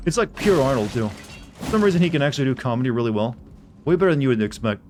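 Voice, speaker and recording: A man's voice: medium pitch, animated, quick pace, a little mellow, slight background noise. A man casually commenting on his gameplay live, rambling and correcting himself as he chats with viewers. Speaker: game streamer.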